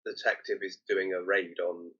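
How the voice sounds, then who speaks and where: A man with a slightly husky voice, chatting casually about a film and stumbling over repeated words as he recounts trivia. The sound is dull and lo-fi, as if coming through a weaker microphone. His pitch is in a middle range. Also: little pitch movement, moderate pace, sharp tone. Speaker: podcast co-host.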